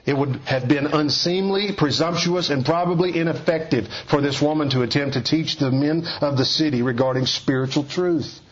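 A man preaching an expository sermon in a measured, earnest teaching manner, often dropping soft for emphasis. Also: a little high, dull audio.

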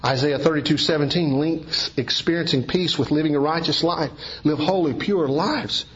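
A man delivers an expository sermon in a fairly high voice, climbing sharply in pitch to stress key phrases. The recording is dull and lo-fi, like an old church tape. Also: normal speed, fairly bright tone. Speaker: pastor.

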